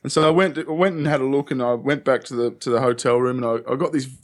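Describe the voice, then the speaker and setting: An Australian man at a middle pitch chats casually as a podcast guest. He rambles through stories and swears freely. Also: fairly even intonation, fast. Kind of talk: casual chat.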